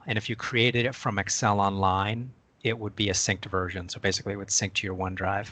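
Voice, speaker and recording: A man on a video call sharing his screen and walking through a software demo step by step in a chatty way. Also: fairly low pitch, dry recording. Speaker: co-presenter.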